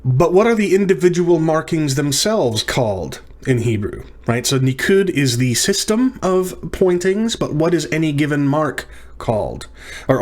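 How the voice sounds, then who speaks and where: A man teaching a recorded practice lesson, explaining terms step by step and repeating words with small restarts and fillers. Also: medium pitch. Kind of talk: recorded lecture practice session.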